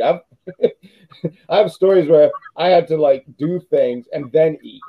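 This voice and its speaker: A man's voice: high-pitched, animated, brisk, slightly rough. Rambling man, dull lo-fi sound. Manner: rambling, self-correcting, laughs often. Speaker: podcast co-host. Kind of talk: casual wrestling chat.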